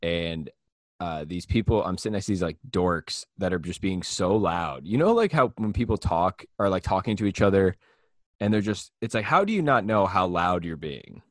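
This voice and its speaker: Young male podcast host, low voice, dry close sound, loose rambling storyteller. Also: sing-song, normal speed, dry recording. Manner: rambling storyteller, laughs often, mimics people. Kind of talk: casual chat.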